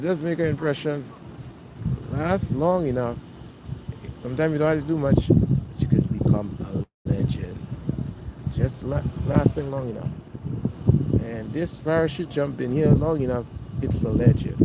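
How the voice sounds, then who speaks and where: Man from Brooklyn, high voice, casual livestream host, repetitive, recorded outdoors over heavy wind noise. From Brooklyn, New York. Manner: chanting and shouting a place name over and over; chatty, repeats phrases, talks to viewers. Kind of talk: live street walking stream. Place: outdoors on a seaside boardwalk. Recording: loud wind and street noise. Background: wind and street noise.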